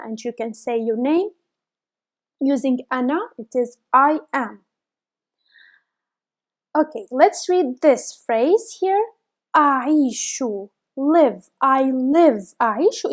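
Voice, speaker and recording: Young female teacher, high voice, slow and patient, breaks words into single sounds. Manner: spells sounds out letter by letter, repeats words slowly. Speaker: language teacher. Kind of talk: slow, careful lesson.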